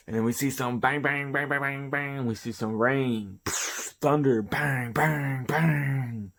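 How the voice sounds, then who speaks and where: A man's voice: medium pitch, slow pace, gravelly, a bit bright. A man hosting a casual comic chapter review, rambling through the panels with profanity and loose play-by-play. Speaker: host of a manga review show.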